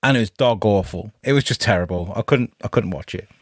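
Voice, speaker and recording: A man's voice: fairly low pitch, fairly quick, no echo, clean studio sound. A man co-hosting a podcast, joking around and swearing freely in casual chat. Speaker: podcast co-host.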